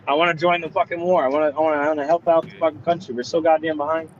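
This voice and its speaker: A man in a casual voice chat, rambling and swearing excitably while driving. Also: a little high, racing, dull audio, slight background noise. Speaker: voice chat participant. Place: in a moving car.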